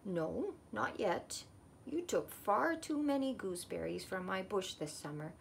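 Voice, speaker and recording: A woman's voice: mid-range voice, big pitch swings, measured pace, creaky, slight background noise. A woman voicing a big, mischievous gooseberry boy who teases and calls out, in a storybook reading. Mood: taunting. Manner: taunting, calling out.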